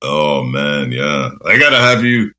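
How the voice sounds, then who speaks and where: A man's voice: extremely low pitch, sing-song, a little slow, sharp tone. A man telling rambling, laughing anecdotes in a casual interview. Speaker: radio host guest. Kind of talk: casual storytelling.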